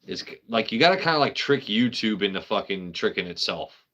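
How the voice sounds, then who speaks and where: A man's voice: fairly low pitch, animated, fairly quick, sharp tone, dull audio. A man hosting a casual live stream, rambling, joking with his chat and swearing freely. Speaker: livestream host.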